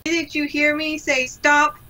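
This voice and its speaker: A towering, commanding mage scolds bullies in a firm, measured voice, as a woman puts him on. The tone is bright and a little high for such a big man, with a strict edge. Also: flat delivery, exaggerated voice. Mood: stern. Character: huge stern adult man, a commanding mage.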